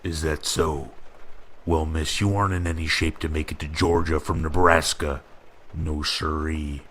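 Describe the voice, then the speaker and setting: Guy doing a creepy midwestern cop, slow drawl, deep voice, horror story. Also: flat delivery, fairly bright tone, full character voice. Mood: eerily polite. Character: eerie male highway cop, drawling and menacing.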